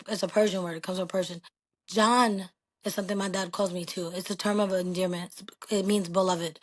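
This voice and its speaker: Appearing as a podcast guest, this middle-aged woman of Pakistani descent speaks with a mid-range voice. The chat is relaxed, but she's animated and emphatic, cursing without holding back.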